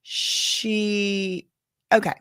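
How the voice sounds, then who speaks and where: A chatty woman streams live commentary, reading news updates aloud and tossing in her own asides. She sounds tired and a bit worn down, and her voice sits at a middling pitch in a dry, close-mic sound with no room echo. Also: flat delivery, very slow, a bit bright, clear, resonant tone. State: tired, yawning.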